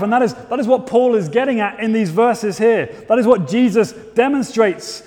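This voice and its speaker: A man preaching a sermon, telling the story in a measured way and rising to loud, emphatic peaks. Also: very high voice. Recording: long hall reverb.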